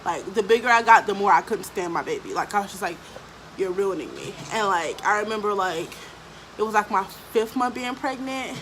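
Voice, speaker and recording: A woman's voice: mid-range voice, a little fast, a bit bright, a little hiss or hum, poor audio. A young adult woman telling a personal story for her vlog, blunt and profane, with lots of fillers. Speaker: vlogger.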